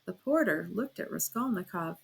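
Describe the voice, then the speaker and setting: A woman narrating a classic novel as an audiobook reader, in a steady storytelling manner. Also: normal speed, gravelly, breathy edge. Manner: steady storytelling, raises pitch and volume for quoted speech. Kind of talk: scripted narration.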